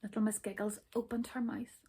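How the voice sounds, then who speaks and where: A woman reading a children's story aloud, gentle and expressive. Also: a little high, fairly quick, breathy edge.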